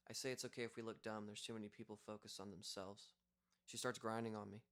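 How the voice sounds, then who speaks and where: A man's voice: on the low side, flat delivery, quick pace, fairly bright tone. A young man reading a first-person audiobook in a casual, conversational way. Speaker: audiobook reader.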